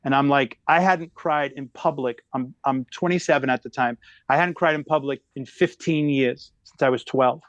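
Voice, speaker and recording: On a podcast, a middle-aged comedian guest spins a long personal story at normal speed with hardly any pauses. His mid-range voice comes through with no echo but dull audio, and he animatedly changes pace often throughout.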